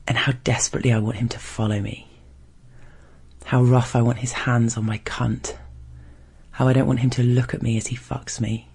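Man with a gravelly, husky reading voice. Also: mid-range voice, darkish tone. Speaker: reader of an erotic story. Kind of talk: first-person erotic story reading.

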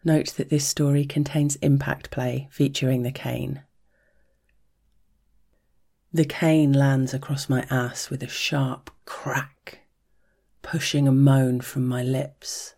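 A woman reading an intimate audio story aloud in a soft, unhurried scripted narration. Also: very deep voice, level tone, gravelly, breathy edge. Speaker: story reader.

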